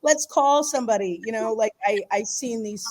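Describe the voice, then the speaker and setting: Animated storytelling woman, higher voice. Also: moderate pace, slight background noise, low-quality recording. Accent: Philadelphia area. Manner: animated, laughs often, acts out quoted voices. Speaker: podcast guest. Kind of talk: casual storytelling.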